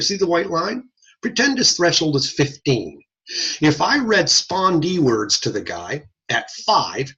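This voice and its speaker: A man's voice: medium pitch, pushed and bright. A man lecturing informally on audiology from his computer, repeating points and checking in with frequent "okay?". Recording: slightly husky voice, dull lo-fi audio.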